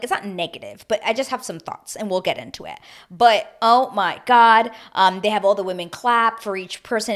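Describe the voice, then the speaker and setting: A woman hosting a casual reality-TV recap, animated and opinionated, swearing freely. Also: mid-range voice. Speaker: TV recap host.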